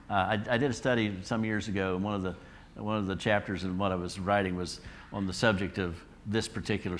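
A man's voice: lowish voice, fairly bright tone. Guy teaching a bible study, chatty, keeps asking "all right?". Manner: conversational, frequent "all right?" checks. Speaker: preacher.

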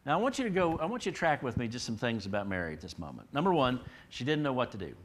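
Man, middle-aged, pastor, sermon, mid-range voice, conversational, rhetorical questions, emphatic rises and soft drops. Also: mid-range voice, very animated, very fast, hardly any pauses. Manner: swings between emphatic rises and quiet drops. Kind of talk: expository sermon.

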